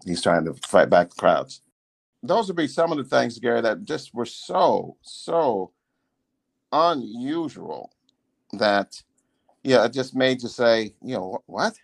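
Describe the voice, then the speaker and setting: A man's voice: medium pitch, very animated, takes it slowly, vocal fry. A man in his sixties, a former congressman, telling stories to his son in a casual, emphatic way and repeating phrases for effect. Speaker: former congressman hosting a podcast.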